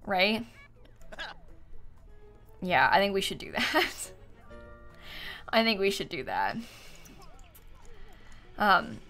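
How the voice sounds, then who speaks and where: A woman's voice: mid-range voice, pushed and bright. A young woman chatting casually and giggling often as she streams herself playing a game. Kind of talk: casual live-stream chat while playing.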